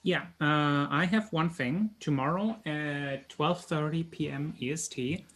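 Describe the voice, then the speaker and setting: A person at a middling pitch speaks haltingly among tabletop players, leaning on fillers and sounding apologetic. The delivery is casual and unscripted. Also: fairly bright tone. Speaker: game master of another game.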